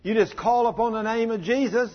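A preacher voicing an urgent doctor leading a prayer. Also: male voice, very high voice, a little fast, pitched above the performer's own voice. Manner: urgent, coaching. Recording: dull lo-fi recording.

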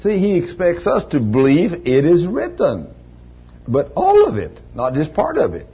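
A man's voice: on the high side, huge pitch swings, measured pace, slightly rough. An older man preaching a sermon with personal testimony, telling folksy stories and acting out the dialogue with rising emphasis. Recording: dull lo-fi recording.

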